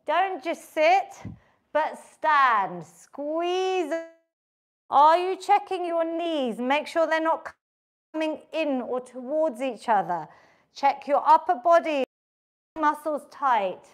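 A middle-aged woman, leading a home workout, counting reps and calmly coaching form. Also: high voice, slow pace. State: out of breath at times. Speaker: fitness instructor. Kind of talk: live workout instruction.

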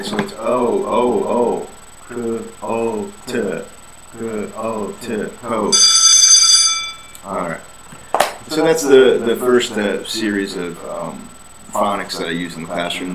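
A man's voice: sits low, reverberant, noisy background. A man, an English teacher, casually walking through a lesson plan and repeating vowel sounds as a drill.

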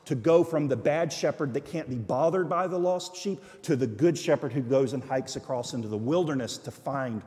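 A man's voice: medium pitch, moderate pace, few pauses, a little mellow. A man preaching a sermon as a guest missionary, telling stories and repeating phrases for emphasis, recorded on a church livestream. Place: church sanctuary. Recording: church livestream with long hall reverb.

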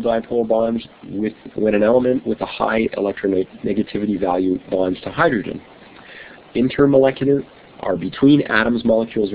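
A middle-aged man teaching a chemistry lesson to an online class, friendly and chatty, reading his notes aloud. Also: mid-range voice. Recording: tinny phone-like online class audio.

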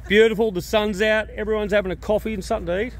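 High-voiced excitable Australian man outdoors. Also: racing. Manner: excitable, keeps asking people if they are excited. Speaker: vlogger at a car show. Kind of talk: energetic walkaround vlog. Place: outdoor car show on grass.

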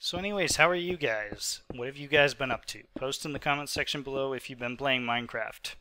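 A young man in his twenties talks through his gameplay in a loose, rambling way, full of fillers. He is sick and keeps hiccuping, and his voice sounds very bright and crisp. The recording is dry, with no room sound. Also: mid-range voice, a little fast, no room sound. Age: 20s. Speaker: gaming channel host. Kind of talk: casual post-recorded gameplay commentary.

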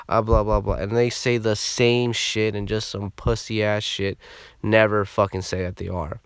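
A man telling a story from his school days in a casual, profane and animated way. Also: lowish voice, normal speed, clear, resonant tone, dry recording.

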